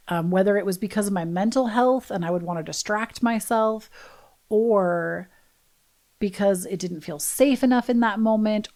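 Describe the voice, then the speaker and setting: A young woman hosting a podcast, talking in a casual, confiding way with soft, drawn-out phrasing and many pauses. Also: medium pitch. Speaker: podcast host. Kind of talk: casual reflective podcast monologue.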